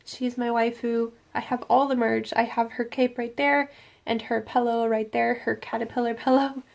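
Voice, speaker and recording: Playful young woman with a gravelly voice. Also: a little high, level tone, moderate pace. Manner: playful and jokey, slipping into silly voices. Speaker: YouTuber host. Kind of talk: casual Q&A vlog. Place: room at home at night.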